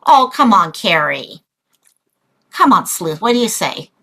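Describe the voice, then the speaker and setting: Bright, chatty woman livestream host. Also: medium pitch, unhurried, rough recording. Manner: chatty, excitable, rambling. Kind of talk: casual livestream chat.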